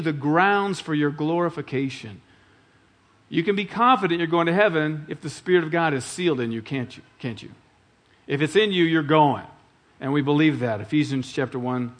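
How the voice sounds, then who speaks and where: Middle-aged man, pastor mid-sermon; emphatic, questioning the congregation, voice a touch high. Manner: emphatic, repeats key phrases, asks the congregation questions.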